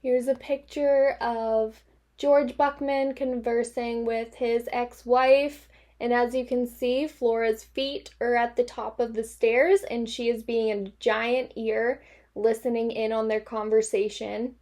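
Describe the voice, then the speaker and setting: Woman, teacher, read-aloud, expressive, fairly high voice. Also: takes it slowly. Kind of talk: reading a novel aloud to students.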